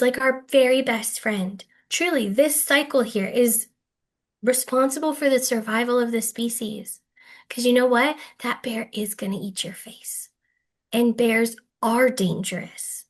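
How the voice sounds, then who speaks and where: A woman leading a virtual workshop as a clinical trainer, talking in a lively, playful, chatty way with strong emphasis, over a video call. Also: on the high side.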